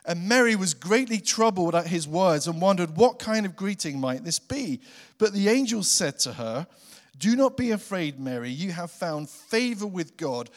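A middle-aged man with an English accent preaches in a church, and his voice rings with a long reverb. He is getting over a virus, and he is lively and jokey with sudden loud bursts. His voice sits a little high for a man. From England. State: recovering from a virus. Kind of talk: sermon.

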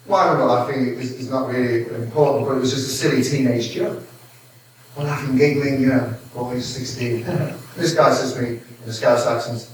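Older preacher in an echoey hall. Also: male voice, mid-range voice, moderate pace, recorded from a distance, slight background noise. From Merseyside, England. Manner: humorous, chuckling often, stop-start restarts. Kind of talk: sermon with personal stories.

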